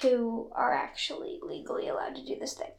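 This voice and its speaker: A woman's voice: on the high side, flat delivery, a little fast, vocal fry. A woman co-hosting a casual podcast, giggling often as she reads out garbled phrases for a guessing game. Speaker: podcast co-host.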